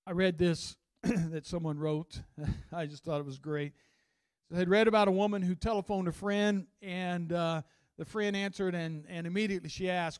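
A male pastor preaching a sermon in a church, telling stories in a folksy, animated way with asides to the congregation. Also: a little high, normal speed, no echo, studio quality.

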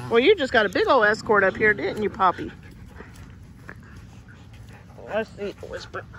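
A woman's voice: medium pitch, big pitch swings, moderate pace, a bit bright, a little hiss or hum. A woman fostering dogs, talking casually and cooing coaxing baby talk to puppies in an outdoor yard. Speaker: dog foster carer.

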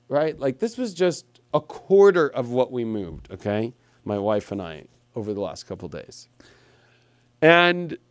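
A man talks through an astrology livestream in a loose, rambling way and keeps dropping in "you know" and "okay". His voice sits a bit high and swings widely in pitch. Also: clean tone. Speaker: astrologer host. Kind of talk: livestream talk.

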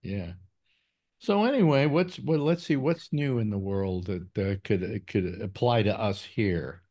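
Brief: older male host, loose rambling delivery, animated pitch. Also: unhurried. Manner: rambling, with many fillers and restarts. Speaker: call-in show host. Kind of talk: casual panel chat.

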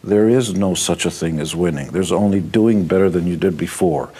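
A man with a very low, husky voice hands out advice in a blunt, emphatic manner. He talks in a motivational style and slips in wisecracks as he goes. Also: moderate pace, dark tone. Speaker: interviewee giving success advice. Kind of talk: motivational talk.

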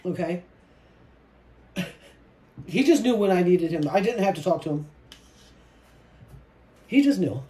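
A woman vlogger chatting casually while she paints, soft-spoken and reflective, often trailing off mid-sentence. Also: fairly low pitch, lively intonation, a little slow, pauses often. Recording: roomy echo with faint noise.

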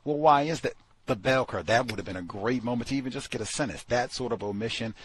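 A man's voice: mid-range voice, fast talker, slight background noise. A man hosting a talk show, giving a blunt, dismissive critique and repeating his points. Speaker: radio show host. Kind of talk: casual critical commentary.

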